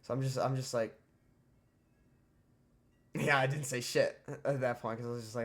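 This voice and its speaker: A man's voice: medium pitch, fairly even intonation, normal speed, long pauses, a bit bright. Profane rambling teenage guy. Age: teens. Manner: profane, rambling, with frequent fillers. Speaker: streamer. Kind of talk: casual storytelling.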